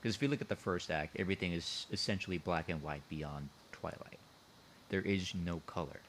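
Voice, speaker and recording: A man's voice: low voice, a little fast, fairly bright tone, slight background noise, poor audio. A man speaking on an online voice call, explaining his own story in casual chat and thinking aloud as he circles back to his points.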